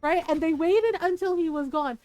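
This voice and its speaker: High-voiced chatty middle-aged woman. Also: normal speed, dry recording, rough recording. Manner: animated, profane, laughing retelling. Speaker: live streamer. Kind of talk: casual storytelling chat.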